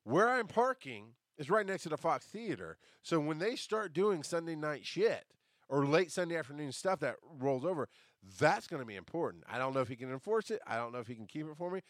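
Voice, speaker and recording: A man hosts a podcast in a loose, rambling monologue, swearing freely and stopping to reply to live chat. His voice sits a bit high and swings widely up and down as he talks. The sound is close and dry. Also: big pitch swings, brisk, no room sound. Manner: answers live chat comments mid-talk. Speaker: podcast host. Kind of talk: casual spoken monologue.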